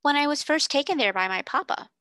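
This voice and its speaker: A woman voicing a quiet, earnest orphan girl. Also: high voice, lively intonation, a little fast, dry recording, voice pushed up.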